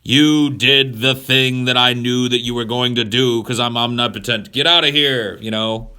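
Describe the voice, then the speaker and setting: A man voicing a petty, all-knowing god who scolds loudly and sarcastically. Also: medium pitch, fairly even intonation, normal speed, smooth, pitched above the performer's own voice, close to an everyday voice. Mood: angry.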